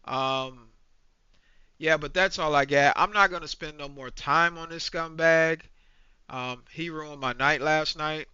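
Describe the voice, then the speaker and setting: In this angry reaction rant, a forties-aged man tears into a movie with profanity and repetition. His slightly high, slightly slow voice is bright, forceful and smooth. There's no room sound; the recording is dry, dull and lo-fi.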